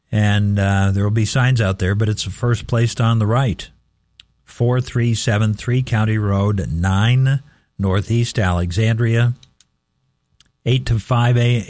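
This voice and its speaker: Midwestern male local radio host, slow and chatty, dry studio sound. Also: fairly low pitch, darkish tone, dry recording. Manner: slow, chatty, repeats numbers carefully. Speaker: radio swap shop host. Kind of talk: casual radio classifieds reading.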